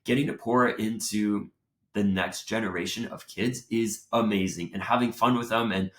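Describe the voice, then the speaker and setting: A young man with a fairly low voice hosts his own show in casual, chatty talk. He keeps it animated and plays out what went through his head. The sound is roomy and echoey. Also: normal speed, a little hiss or hum. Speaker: show host. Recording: roomy echo.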